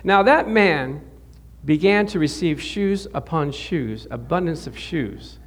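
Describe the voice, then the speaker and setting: Male pastor, high voice, animated storytelling sermon, frequent laughs and repeated words. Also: takes it slowly. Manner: storytelling, animated, rises sharply when quoting prayers.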